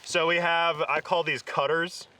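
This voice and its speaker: A man with a slightly high voice hosts an off-road vehicle show, walking through his tools in an easygoing, upbeat manner with lots of laughter and filler words. His tone is level and his pace measured, though the audio is very noisy.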